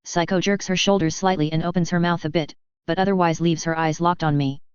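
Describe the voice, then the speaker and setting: A woman reading fan fiction aloud as narrator in an even, steady manner, in a dull lo-fi recording. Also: on the low side, brisk, smooth, dry recording.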